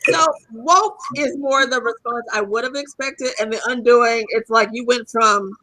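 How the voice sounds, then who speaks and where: A woman's voice: fairly high pitch, moderate pace, sharp tone, no echo, poor audio. A woman hosting a casual livestream chat, playful and cheeky, swearing freely, over a video call. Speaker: host.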